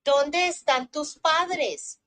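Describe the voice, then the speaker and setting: A synthetic woman's voice as a friendly language-app woman, giving slow, clear prompts. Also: sits high, a bit bright, faint music behind. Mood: prompting.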